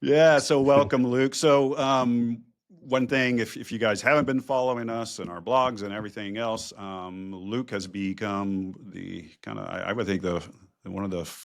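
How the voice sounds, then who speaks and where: A man's voice: fairly low pitch, normal speed, vocal fry. A middle-aged man hosting a podcast, casual and chatty with plenty of "um"s. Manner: relaxed, chatty, many fillers. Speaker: podcast host.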